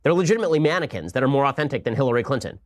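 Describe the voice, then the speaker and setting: A man hosting a political commentary show, arguing in a sarcastic, rapid-fire way. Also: medium pitch, big pitch swings. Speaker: podcast host.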